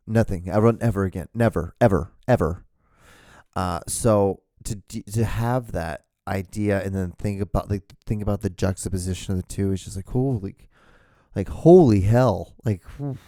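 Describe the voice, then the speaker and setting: A man's voice: fairly low pitch, mellow, no echo, clean studio sound. A man in his thirties hosting a podcast alone, rambling casually with lots of fillers, restarts and swearing. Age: 30s. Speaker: podcast host.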